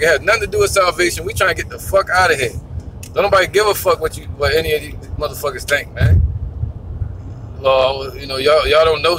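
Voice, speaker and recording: A man talks scripture in a loose, rambling way, swearing as he goes and speaking bluntly. His voice sits a little high. Faint road noise hums behind him. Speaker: religious teacher. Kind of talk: casual preaching monologue.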